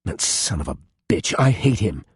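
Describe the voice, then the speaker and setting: A man's voice: fairly low pitch, big pitch swings, normal speed, breathy edge, no room sound, studio quality, pitched above the performer's own voice, full character voice. A man voicing a blunt, fiercely protective young woman friend in an audiobook, talking firmly. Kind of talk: audiobook character voice.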